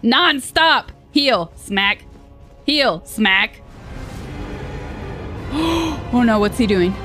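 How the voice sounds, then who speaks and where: A playful woman streamer in her thirties talks unhurriedly while she plays a game, bursting out in excited yelps. Her voice sits a bit high for a woman, and loud game music runs under it. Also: takes it slowly. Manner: playful, jokey, excitable exclamations. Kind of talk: live gameplay commentary.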